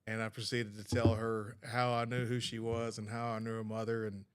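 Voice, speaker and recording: A man's voice: fairly low pitch, completely flat delivery, normal speed, clean tone. A man, a podcast producer, talking earnestly in a casual studio conversation and telling a heartfelt story.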